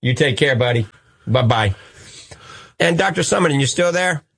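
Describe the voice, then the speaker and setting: A man's voice: medium pitch, lively intonation, normal speed, vocal fry, a bit bright, slightly rough. A man with a New Orleans accent hosting a call-in radio show, upbeat and preachy, joking with callers. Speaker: radio host.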